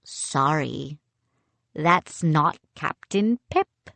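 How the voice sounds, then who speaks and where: A woman voicing a gruff, scheming pirate captain with a hook, in a growling pirate drawl for an audiobook. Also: deep voice, expressive, drawn-out words, a bit bright, dry recording, full character voice. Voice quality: growling, gravelly. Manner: pirate dialect, drawling and mocking. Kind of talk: audiobook character voice.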